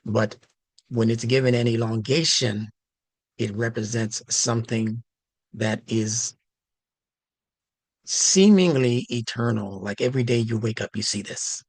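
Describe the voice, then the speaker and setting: Slow, deliberate male instructor. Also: medium pitch, slightly rough, no echo. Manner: slow, deliberate, emphatic teaching. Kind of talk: religious language lesson.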